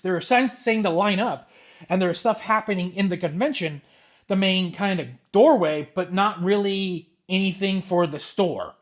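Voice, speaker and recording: High-voiced man ranting while opening cards. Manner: rambling, exasperated, with excited asides. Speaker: card collector vlogger.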